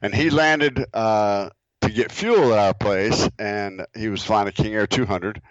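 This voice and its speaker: A middle-aged man, a guest and former boss, telling a prank story in a halting, chuckling way. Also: lowish voice, no room sound. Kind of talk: casual anecdote telling. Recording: slightly muffled audio.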